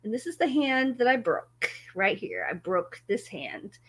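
Lively, bright-voiced woman telling a story. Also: fairly high pitch, a little slow, husky. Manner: laughs often, animated and self-mocking. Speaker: music channel host. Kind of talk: casual storytelling to a live audience.

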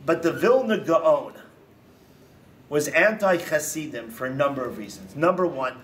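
A man, a rabbi, giving a lecture to a congregation with animated storytelling and emphatic repetitions. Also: fairly high pitch, moderate pace, recorded from a distance, slight background noise. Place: synagogue hall.

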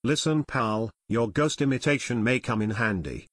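A man's voice: mid-range voice, normal speed, husky, no room sound, studio quality, close to an everyday voice. A man reading aloud voicing an eager teenage boy detective in an audiobook.

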